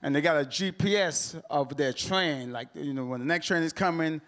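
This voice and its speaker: A man's voice: a little high, normal speed, fairly bright tone. A man doing stand-up, talking in a casual, slangy conversational way. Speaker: stand-up comedian. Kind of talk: stand-up routine. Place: comedy club stage.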